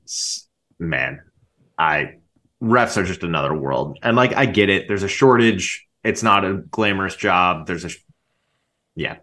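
A man with a low voice, talking football coaching in relaxed podcast conversation. He fills his speech with "like" and keeps an easygoing tone. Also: a little slow. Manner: relaxed, heavy use of "like". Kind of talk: casual podcast chat.

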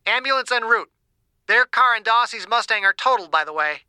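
A man voicing a male radio operator heard through a tinny earpiece, brisk and clipped. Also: extremely high pitch, lively intonation, sharp tone, clean tone, no echo, pitched above the performer's own voice, heavily acted.

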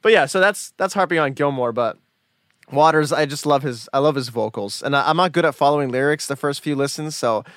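A man's voice: a little high, a little fast, a bit bright, no room sound, studio quality. A man guesting on a casual music podcast, talking enthusiastically and rambling, often repeating himself. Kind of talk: casual chat.

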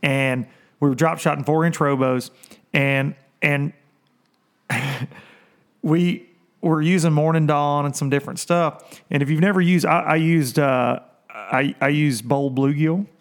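A male host with a slightly raised voice tells a rambling fishing story, laughing often. He slips into little voices to quote friends, and his delivery stays loose and animated. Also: fairly high pitch, a little slow, pauses often. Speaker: podcast host. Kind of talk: casual storytelling chat.

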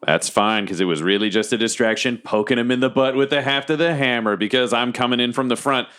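A male player describing his character's actions in a tabletop game, eager and joking. His voice sits at a medium, everyday pitch. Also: fast talker, a bit bright.

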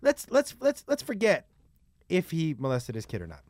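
A man hosting a podcast, talking casually in a blunt, profane, animated way. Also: a little high, moderate pace, dry recording. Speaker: podcast host. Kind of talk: casual conversation.

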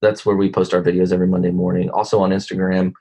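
A man talks as a guest in a casual interview, relaxed and rambling with plenty of fillers. His voice is very deep, with a husky edge. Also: fast, low-quality recording. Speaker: comedy video maker, guest.

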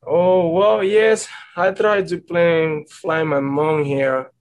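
Earnest young ballplayer rambling. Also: male voice, fairly high pitch, fairly even intonation, slow pace, low-quality recording. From Dominican Republic. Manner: earnest, rambling, repeats "and then". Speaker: baseball player. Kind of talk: press conference answers.

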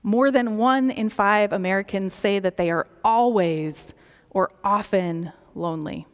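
Woman preacher, slow gentle reflective delivery, soft near-whispered phrases, long hall reverb. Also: mid-range voice, clear, resonant tone. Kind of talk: sermon.

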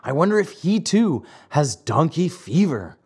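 A man's voice: fairly high pitch, sing-song, measured pace, darkish tone, husky, full character voice. A man voicing a sly, easily frightened wooden puppet boy in a storybook reading, in a plain, slightly lifted voice.

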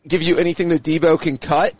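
A man's voice: a little high, fairly even intonation, quick pace, a little mellow, no room sound. A man co-hosting a sports podcast from an outdoor stadium press area, bantering and mocking himself. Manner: joking, self-mocking.

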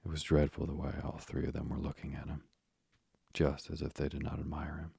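A man reading a classic children's book aloud in a soft, soothing bedtime narration. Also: extremely low pitch, monotone, brisk, vocal fry, breathy edge, no echo. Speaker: bedtime storyteller. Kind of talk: slow soothing sleep-story narration.

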